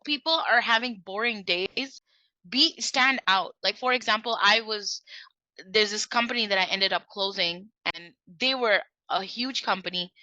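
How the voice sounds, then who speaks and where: A woman sharing sales tips as a trainer, telling stories in a lively way and acting out the dialogue. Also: medium pitch, dry recording, dull audio.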